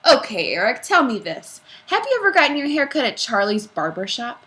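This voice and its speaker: A woman voicing a gruff, suspicious male school principal who barks his questions loudly in a storybook reading. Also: on the high side, sing-song, brisk, voice pushed up. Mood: interrogating. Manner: barking, loud interrogating.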